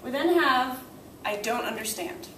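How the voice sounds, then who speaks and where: A woman's voice: high-pitched, expressive, a little slow, background noise. A young woman teaching a class, explaining methods step by step and often checking in with "right?". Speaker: language teacher. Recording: echoey room, voice far from the mic.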